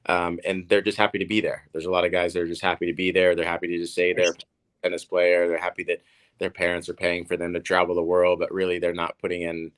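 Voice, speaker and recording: Man, low voice, from Oklahoma, casual interview guest, rambling, lots of fillers and restarts. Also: monotone, fast talker, a bit bright, smooth. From Oklahoma, USA. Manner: rambling, repeats words, many fillers. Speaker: guest, professional tennis player.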